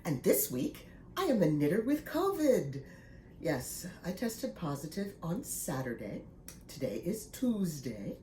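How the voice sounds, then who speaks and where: Woman in her sixties, slightly congested, low voice, slow chatty vlog talk, echoey room. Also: sing-song, dark tone. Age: 60s. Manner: chatty, self-amused, laughs easily. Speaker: knitting vlogger. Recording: echoey room with faint noise.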